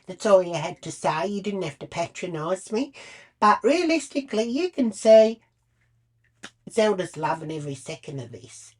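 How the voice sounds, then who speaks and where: A woman's voice: medium pitch, sing-song, moderate pace, darkish tone, breathy edge. An Australian woman telling a blunt, crude storytime full of swearing. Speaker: vlogger. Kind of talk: storytime monologue.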